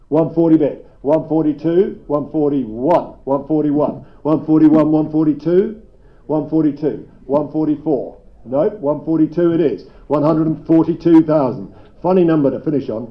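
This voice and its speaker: A man working as an auctioneer, rattling off bids at a live property sale with playful banter. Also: on the high side. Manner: brisk bid-calling with playful banter. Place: auction room. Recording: dull lo-fi live stream sound.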